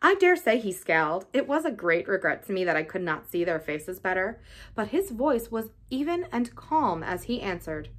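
A woman reading a novel aloud in an expressive, lively style. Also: medium pitch, moderate pace. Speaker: reader.

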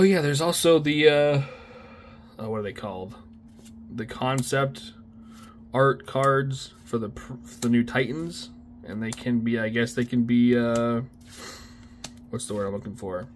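A young man casually talking through a card unboxing, excitable and slangy, often exclaiming at what he pulls. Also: medium pitch, a little hiss or hum. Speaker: card opening video host.

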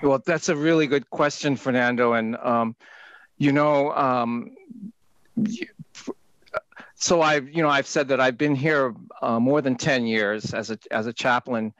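A man working as a hospital chaplain, answering interview questions in a measured, hesitant way. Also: medium pitch, fairly bright tone, no room sound, lo-fi sound. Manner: measured, hesitant start with fillers.

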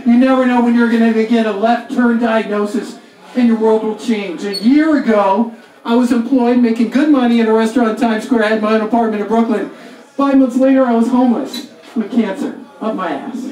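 A man's voice: very high-pitched, a little fast, a little mellow. A man in his forties doing a live stand-up set, talking in a profane, self-mocking, rambling way. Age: 40s. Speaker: stand-up comedian. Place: comedy club stage. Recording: echoey club heard from far off, audience. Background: audience laughter.

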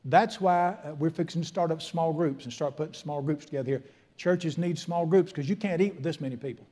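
A man's voice: on the high side, brisk, mellow. A middle-aged man, preaching a folksy, emphatic sermon as a pastor in a church. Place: church sanctuary.

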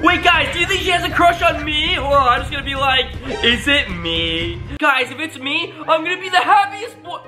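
A young male YouTube host doing hyper, jokey reaction commentary that swings between shouting and mock crying. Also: extremely high pitch, fairly quick, hardly any pauses, music in the background.

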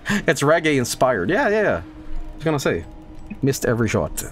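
A man's voice: mid-range voice, measured pace, faint music behind. A man in his thirties giving casual, jokey commentary while streaming a horror game. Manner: animated, jokey, breaks into silly sung bits.

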